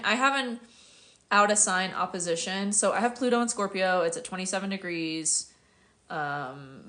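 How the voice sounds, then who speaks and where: A woman's voice: fairly low pitch, fairly bright tone. An American woman in her thirties, a casual, chatty astrologer answering viewer questions on a livestream and laughing often. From United States.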